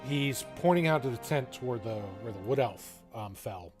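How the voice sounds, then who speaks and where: A man running a tabletop game as game master, narrating with halting phrases and frequent fillers. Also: mid-range voice, expressive, over music. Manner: halting, many fillers, laughs often.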